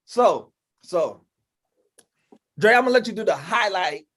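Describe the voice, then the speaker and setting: A man hosting a casual livestream podcast. He talks in quick, excited bursts and often repeats himself. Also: sits high. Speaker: podcast host.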